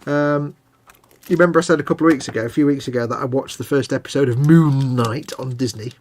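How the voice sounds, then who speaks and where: English man, jokey live-stream co-host, middle-aged, mid-pitched, chatty. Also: fast talker, darkish tone, a little hiss or hum. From England. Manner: chatty, jokey, slips into mock accents. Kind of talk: casual live-stream chat.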